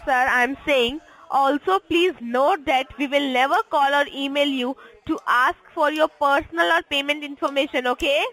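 A woman on a phone call reading a scripted offer, fast and repetitive, insisting the caller agree. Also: sits high, fairly bright tone. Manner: reads a script fast, repeats lines insistently. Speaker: phone scammer. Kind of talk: scripted phone sales pitch.

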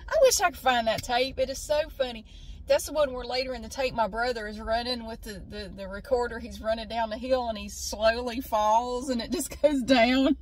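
A woman's voice: fairly high pitch, normal speed, a little hiss or hum, low-quality recording. A woman, telling a funny story casually on a vlog and swearing freely. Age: 40s. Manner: animated, laughing, swearing freely. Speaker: vlogger. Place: outdoors at a beach.

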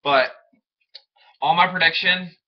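Excitable young man rambling, lo-fi sound. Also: on the high side, slow pace. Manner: rambling, excitable, stumbles over words. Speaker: wrestling fan vlogger. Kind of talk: casual solo commentary. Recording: dull lo-fi home recording.

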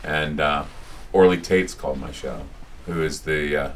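A man's voice: a bass voice, steady tone, unhurried, distant mic, a little hiss or hum. A radio host from the United States giving a casual talk in a small bookstore, a chatty and rambling storyteller who often restarts his sentences. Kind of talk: casual public talk with anecdotes.

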